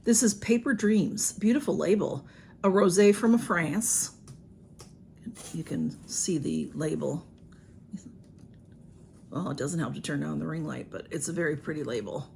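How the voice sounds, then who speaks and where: A woman's voice: deep voice, a little slow, gravelly, long pauses, darkish tone, a little hiss or hum. A woman, chatting casually through an unboxing with lots of ums and restarts. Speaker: vlogger. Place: home room with a ring light.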